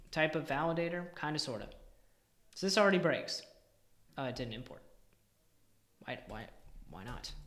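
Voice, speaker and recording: Guy streaming himself coding, bright edgy voice, grumbles and half-whispers to himself, roomy echo. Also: on the high side. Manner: exasperated muttering, drops to near-whispers. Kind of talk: thinking aloud while coding.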